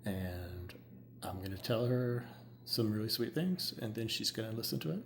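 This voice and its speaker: A man who works as a hypnotherapist, chatting casually and excitedly, rambling with many "like"s. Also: on the low side, moderate pace, gravelly. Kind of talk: casual chat. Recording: roomy with faint ambient noise.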